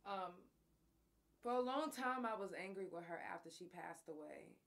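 Woman host telling a family story, pretty low voice, blunt and swearing, gets emotional. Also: animated, normal speed. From Oklahoma. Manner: candid, profane, emotional storytelling. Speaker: podcast host. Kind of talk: personal storytelling monologue.

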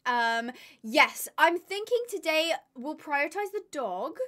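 A woman's voice: high voice, expressive, unhurried, a bit bright. A young woman live-streaming, chatting casually with her viewers, tired and with her voice giving out. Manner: chatty, rambling, laughs often. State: tired, voice going.

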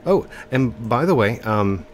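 Faint hiss or hum runs beneath this let's play host as he commentates a game through a congested nose. His mid-range voice is expressive and unhurried, delivered in an affected English accent full of ums and self-corrections.

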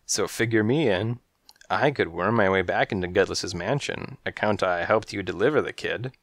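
A man's voice: lowish voice, moderate pace, fairly bright tone, dry recording, studio quality. A man voicing a sly, scheming tomcat with a wheedling manner in a storybook reading.

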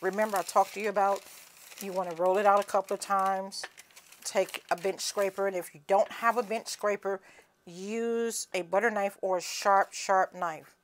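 A woman with a Southern US accent walks viewers through a home cooking demonstration. She is folksy and chatty, calling everyone honey and cousin. Her voice sits in a middle pitch, with faint noise in the background. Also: fairly even intonation, moderate pace.

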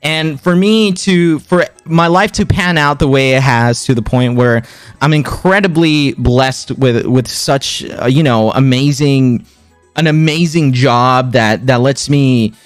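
A young man in his twenties chatting casually to his stream viewers, excitable, swinging his pitch up and down and repeating himself as he retells a story. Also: measured pace, clean tone, no room sound, faint music behind.

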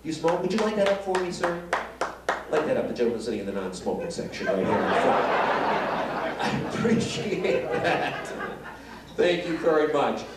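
A man's voice: on the high side, big pitch swings, moderate pace. A man from Detroit performing magic and stand-up comedy live in a casino showroom, cracking jokes and bantering with the audience. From Detroit, USA. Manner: wisecracking, chatting with the audience. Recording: echoey live room, loud crowd and noise, mic at a distance.

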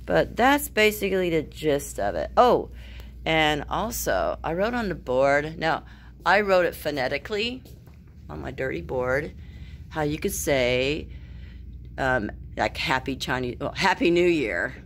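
A woman's voice: low-pitched, very animated, a little slow, a little hiss or hum. A woman teacher giving a casual video lesson from her home kitchen, chatty and loose, with fillers and asides.

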